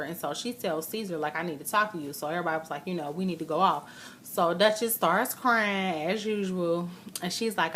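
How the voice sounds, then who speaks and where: A woman's voice: on the low side, a bit bright, a little hiss or hum. A woman vlogger recapping a reality show episode in casual chat, retelling scenes by acting out what people said. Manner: chatty, retells scenes with quoted voices.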